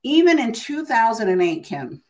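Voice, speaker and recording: Speaking at a normal speed in a fairly high, sing-song voice with a darkish tone, an older author shares her story as an interview guest. She's casual and emphatic, and she keeps adding "right?" to her sentences.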